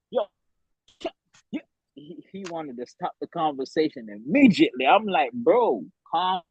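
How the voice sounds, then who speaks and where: Gravelly guy telling stories all animated, bouncy voice, kinda muffled dry recording. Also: on the high side, unhurried, no echo. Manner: animated storytelling with laughs. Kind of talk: casual chat. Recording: dull, dry close mic.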